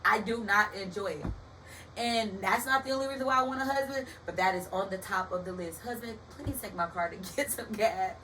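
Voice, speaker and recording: A young woman hosting a motivational podcast in a casual, animated way, calling her listeners baby and y'all, like a preacher. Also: mid-range voice, a little fast. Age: young adult. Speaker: podcast host. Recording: distant from the mic with faint background hiss.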